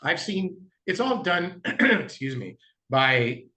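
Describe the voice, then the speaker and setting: Bright-voiced man telling a story. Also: high-pitched, very animated, slow. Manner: acts out dialogue in anecdotes, clears throat often. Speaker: guest, diamond dealer. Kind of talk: casual interview storytelling.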